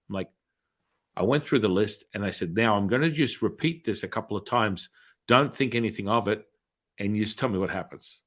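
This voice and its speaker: A man's voice: on the low side, a little fast, a bit bright. A middle-aged man, a spiritual healer, telling a story in a casual interview and acting out the voices of people in it.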